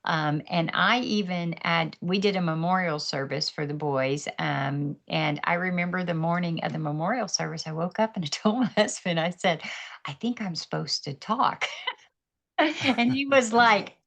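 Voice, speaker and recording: A woman's voice: on the low side, normal speed, creaky, a bit bright. A woman guest on a podcast, telling her story candidly with faith, laughing often and acting out other people's voices, heard over a video call.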